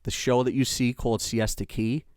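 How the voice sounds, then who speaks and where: Middle-aged New York dad telling a story. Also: male voice, medium pitch, moderate pace, no room sound, studio quality. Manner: animated storyteller, acts out quotes. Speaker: podcast host, father. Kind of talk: casual storytelling chat.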